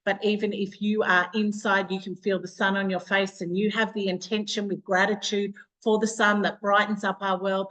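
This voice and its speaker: A bubbly Australian woman runs a live online training session as a business coach. She talks in a chatty, warm-hearted run and breaks into laughter often. Her voice comes through a video call. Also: medium pitch, low-quality recording.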